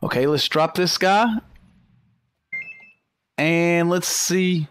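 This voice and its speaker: A young man giving excited gameplay commentary, talking to the creatures on screen and to his viewers, and laughing often. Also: on the high side, very slow, pauses often, slight background noise. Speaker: gaming YouTuber.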